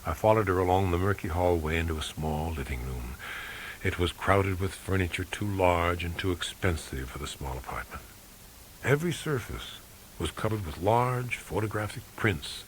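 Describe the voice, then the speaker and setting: Low-ish guy reading a hardboiled novel, dry and wry, faint tape hiss. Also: moderate pace. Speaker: audiobook reader. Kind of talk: first-person novel narration.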